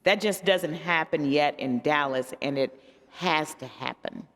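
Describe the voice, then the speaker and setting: A woman pastor speaking on a discussion panel, telling stories with emphatic swings in her voice. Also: unhurried. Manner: animated storyteller with emphatic pitch swings. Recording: echoey church hall.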